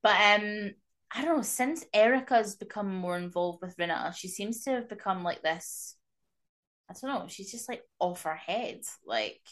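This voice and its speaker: A woman's voice: mid-range voice, animated, normal speed. Giggly, enthusiastic woman co-host. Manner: enthusiastic, laughs often. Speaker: podcast co-host. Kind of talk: casual chat.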